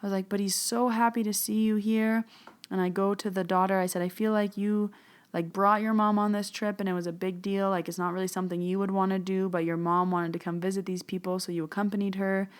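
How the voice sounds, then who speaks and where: A woman's voice: medium pitch, level tone, fast, clear, resonant tone. A woman hosting a podcast, telling a personal story in a chatty way and replaying her own dialogue. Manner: chatty, retells dialogue, repeats phrases. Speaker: podcast host, medium.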